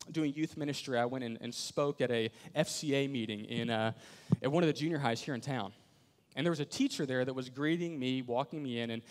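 Man, pastor, sermon, animated, acts out quotes, soft dramatic drops. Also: mid-range voice. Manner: animated storyteller, acts out quoted voices, drops to near whisper.

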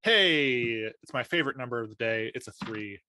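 A man's voice: mid-range voice, fairly even intonation, fast talker, bright, forceful tone. A man playing a tabletop game as host, talking casually with many fillers and easy laughter. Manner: filler-heavy, laughing easily. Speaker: host and player.

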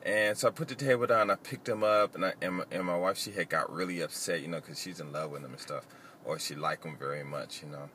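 A man casually telling a long story, rambling and halting, with many fillers and restarts. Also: low-pitched, sharp tone, slight background noise.

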